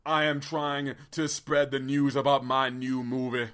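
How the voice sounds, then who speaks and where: A man doing a comic impression of a famous 1960s civil rights preacher, slow and solemn. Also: mid-range voice, little pitch movement, a bit bright, smooth, natural voice.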